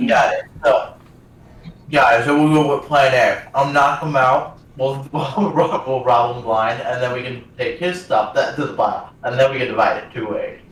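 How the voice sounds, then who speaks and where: A man's voice: mid-range voice, steady tone, moderate pace, fairly bright tone. A man playing a tabletop game, plotting schemes hesitantly with many fillers. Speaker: player. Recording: very echoey room, far from mic, faint noise.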